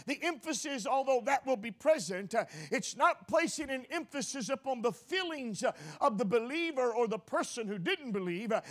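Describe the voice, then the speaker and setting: A man with a notably high voice delivers an expository sermon. He pauses often on "uh" and corrects himself mid-word. He hammers his points home with repeated phrases. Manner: frequent "uh" fillers and self-corrections; emphatic repetition, rising to forceful declarations. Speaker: preacher.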